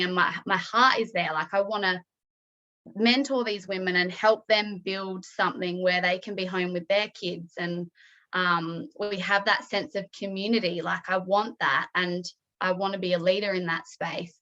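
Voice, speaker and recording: A woman in her thirties sharing emotionally on a group video call, halting with many ums and close to tears. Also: lowish voice, steady tone, bright, forceful tone, lo-fi sound.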